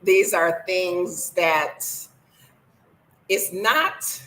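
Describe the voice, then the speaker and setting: A woman's voice: on the low side, drawn-out words, fairly bright tone, low-quality recording. Sassy, blunt older American woman. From United States. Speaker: vlogger. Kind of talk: casual vlog. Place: home.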